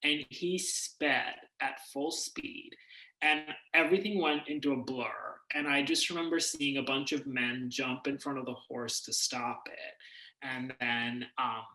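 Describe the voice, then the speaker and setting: A man from India chats as an interview guest, spinning animated, self-deprecating stories. His voice is bright and forward, and it rings a little in an echoey room. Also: medium pitch, unhurried. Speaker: actor guest. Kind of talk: casual interview chat.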